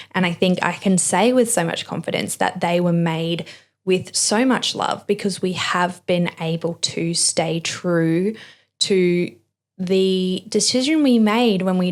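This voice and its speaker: A young woman hosting a podcast, talking in an earnest, heartfelt monologue. She is emotional and close to tears, with plenty of "like" and "you know". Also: fairly low pitch. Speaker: podcast host. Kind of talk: personal reflective monologue.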